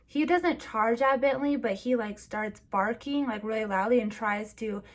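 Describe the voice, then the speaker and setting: A young woman vlogger, teary, telling a personal story in a halting way with many restarts. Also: fairly high pitch.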